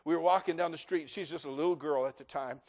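An older male pastor with a notably high voice, telling homey stories with playful jabs at the crowd. He swings from quiet, easy banter to loud, emphatic preaching. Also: fast talker. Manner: folksy, joking asides, building to emphatic preaching. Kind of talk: sermon.

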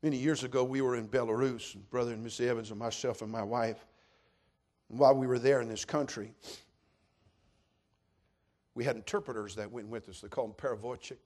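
A middle-aged male pastor delivering a sermon at an ordinary, mid-range pitch. He tells his story plainly, then swells into loud, emphatic preaching. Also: fairly even intonation, a little fast, long pauses.

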